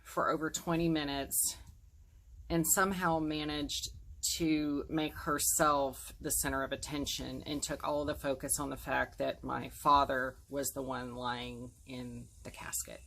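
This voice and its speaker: A woman's voice: low voice, little pitch movement, measured pace, a bit bright, slight background noise, poor audio. A woman in her forties telling a painful personal story to camera, earnest and emotional, acting out the things people said. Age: 40s. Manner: earnest, emotional retelling with quoted dialogue.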